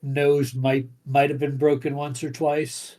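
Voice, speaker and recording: A game master narrating a tabletop game, describing scenes haltingly with many pauses and fillers. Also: mid-range voice, level tone, dark tone, low-quality recording.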